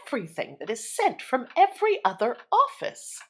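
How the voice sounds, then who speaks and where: Lady doing a nosy old-fashioned busybody, squeaky and pushy, radio play. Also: huge pitch swings, moderate pace, slightly rough, heavily acted. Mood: prying. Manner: insistent, incredulous questioning. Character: nosy meddling woman, shrill and prying.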